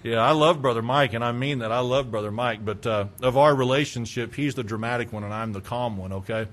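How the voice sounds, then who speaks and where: A middle-aged male pastor preaching a sermon, animated, swinging between loud urging and quiet asides. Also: mid-range voice, brisk.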